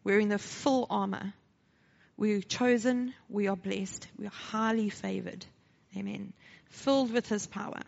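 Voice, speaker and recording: Unhurried and gravelly, a mid-range female voice with a South African accent delivers an animated church testimony, acting out the dialogue. She then shifts into a short sermon, recorded in dull lo-fi quality.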